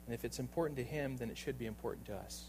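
Preaching rapid-fire in a creaky, husky voice, a pastor delivers an emphatic sermon full of rhetorical questions and frequent "right?" check-ins with his congregation. His volume jumps from loud outbursts to quiet, low asides, captured in a low-quality recording.

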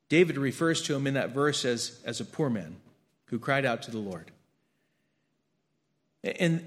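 A man preaching a sermon and reading scripture aloud, earnest, swinging between emphatic lines and hushed ones, often repeating his words. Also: mid-range voice. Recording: long hall reverb.

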